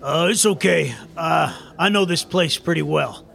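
A man's voice: fairly high pitch, unhurried, creaky, fairly bright tone, exaggerated voice. A man voicing a young man who can turn into a huge bear, talking in a hesitant, folksy drawl. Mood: guarded. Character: young man who turns into a bear, gruff but shy.

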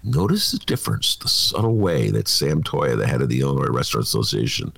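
Animated, sarcastic male political talk host. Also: rumbling low, a little fast, vocal fry, husky. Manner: animated, sarcastic, jokey asides. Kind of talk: opinionated political commentary.

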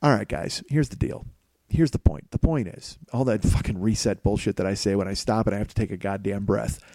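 A man's voice: fairly low pitch, a little fast, gravelly, dark tone, no room sound. A man hosting a podcast, talking in a casual, rambling monologue that is full of swearing and self-mockery, from his home kitchen. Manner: profane, self-mocking, rambling. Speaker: podcast host.

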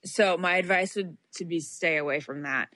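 Bright, lower-pitched young woman chatting. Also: moderate pace, no room sound. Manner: animated storytelling with frequent laughs. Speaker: podcast co-host. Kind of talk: casual chat.

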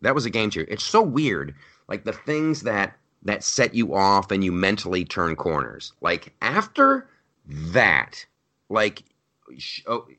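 A man hosting a podcast in casual political chat, excitable and animated, often restarting his sentences and throwing in sarcastic asides. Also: fairly low pitch, a little slow. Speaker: podcast host.

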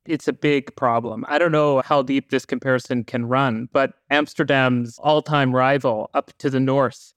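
A man's voice: mid-range voice, steady tone, normal speed, few pauses, a bit bright, smooth, no room sound. A man co-hosting a podcast in casual, joking conversation, often asking "right?". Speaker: podcast co-host.

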